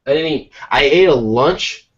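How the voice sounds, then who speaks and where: An American man co-hosting a podcast, telling jokey stories in a lively, casual way while tired from little sleep. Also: fairly high pitch, measured pace, dull audio. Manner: animated, jokey storytelling. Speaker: podcast co-host. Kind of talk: casual chat.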